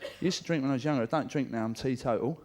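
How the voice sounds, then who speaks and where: A man's voice: mid-range voice, very fast, a little mellow, a little hiss or hum. A middle-aged man doing live stand-up, chatty and swearing, mimicking voices for jokes, with audience laughter behind him. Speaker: stand-up comedian. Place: comedy club stage.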